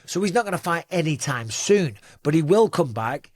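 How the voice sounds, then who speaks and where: A man's voice: on the high side, animated, normal speed, no room sound, clean studio sound. A middle-aged man giving casual, emphatic fight commentary as host, often putting questions to his audience. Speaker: podcast host and MMA analyst.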